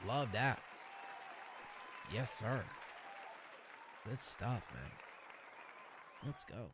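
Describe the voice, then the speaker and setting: A man's voice: mid-range voice, slow pace, pauses often, no room sound, a faint crowd. A man hosting a live music review stream, chatting casually and enthusiastically with lots of slang, fillers and restarts. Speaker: livestream music review host.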